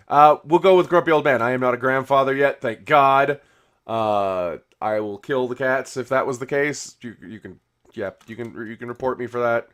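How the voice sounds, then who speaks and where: Man, game video host, casual rambling chat, lots of restarts, average pitch. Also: expressive, normal speed, a bit bright. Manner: rambling, full of "you know" and restarts. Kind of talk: casual commentary while building.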